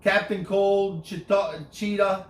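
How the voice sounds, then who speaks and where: A man's voice: sits high, fairly even intonation, takes it slowly. A middle-aged man co-hosting a casual countdown, reading through lists with plenty of fillers and hesitations. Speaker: co-host. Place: bar with live audience. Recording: echoey room from far off, faint ambience.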